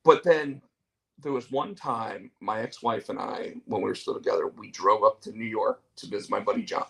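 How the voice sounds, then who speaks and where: A man's voice: lowish voice, moderate pace, creaky, a bit bright. A man hosting a casual talk show, telling things in a rambling way and often restarting his sentences. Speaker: show host. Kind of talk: casual chat.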